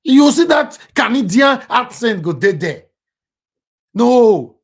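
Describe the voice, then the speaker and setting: A man's voice: extremely high pitch, sing-song, takes it slowly, husky. A man with a Nigerian Pidgin English accent hosting a live online talk show, switching between Pidgin and English and teasing his callers. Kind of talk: live stream chat with callers.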